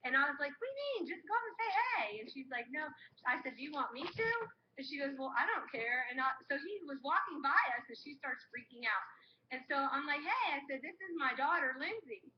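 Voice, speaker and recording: A woman's voice: high-pitched, fairly quick. A woman co-hosting a live show, telling a travel story with lots of acted-out dialogue. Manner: animated, acts out what people said. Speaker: co-host of a live crafting show. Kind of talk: casual storytelling chat. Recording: muffled live-stream audio with faint hum.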